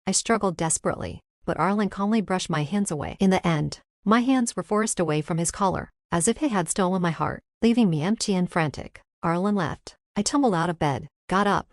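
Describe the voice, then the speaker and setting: A woman narrating a first-person story in steady, somber scripted audiobook style. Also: on the low side, fairly quick, hardly any pauses, no room sound, studio quality.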